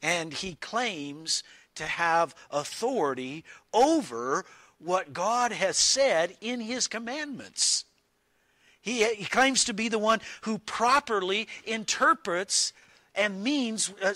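A man delivers a teaching sermon at an unhurried, deliberate pace, leaning hard on each quoted phrase. His voice is bright and sits fairly high. The sound is dry and close. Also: expressive, no echo. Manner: slow, deliberate, emphatic on quotations. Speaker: preacher.

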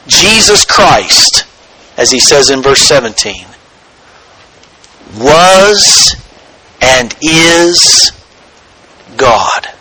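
A man preaching a sermon in a church, slow and deliberate, building to excited emphasis. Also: medium pitch, rough recording. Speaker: pastor.

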